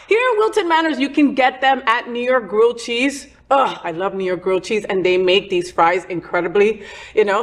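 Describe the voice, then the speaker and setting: A woman hosting a casual talk show, chatty, sassy and gossipy. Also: on the high side. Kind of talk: casual chat.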